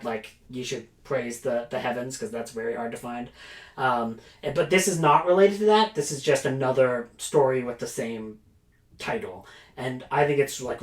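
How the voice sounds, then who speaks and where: A man casually reviewing horror books for a vlog, enthusiastic and prone to rants, with lots of "like" and "um". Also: mid-range voice. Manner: enthusiastic, ranting, filler-heavy. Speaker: book reviewer. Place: small storage room, indoors. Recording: roomy storage-room echo.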